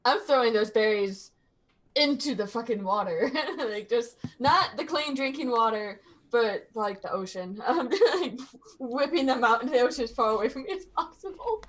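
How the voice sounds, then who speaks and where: A woman with a highish voice playing a tabletop game. She talks in an animated, profane way and laughs often. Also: moderate pace. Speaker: player.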